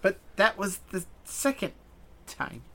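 A woman's voice: medium pitch, very animated, takes it slowly, bright, forceful tone. A woman playing a tabletop game in character, talking in a hesitant, rambling, stop-start way. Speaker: player.

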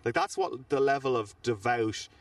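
An Irish man, a reporter and podcast co-host, telling animated, rambling stories from a trip, recorded outside a large building. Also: mid-range voice, normal speed, dry recording, recorded from a distance. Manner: animated, rambling anecdotes with fillers. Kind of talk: casual on-location storytelling. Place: outdoors in front of a large government building.

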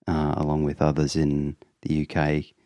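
A man's voice: very deep voice, completely flat delivery, moderate pace, mellow, no echo. A man co-hosting a podcast in casual chat, easygoing and dry, laughing along. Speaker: podcast co-host. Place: home room, remote call.

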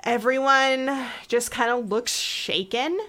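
Unhurried bright-voiced woman podcaster. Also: fairly high pitch. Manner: chatty, retelling scenes with voices. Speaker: podcast co-host. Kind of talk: casual chat recapping a TV episode.

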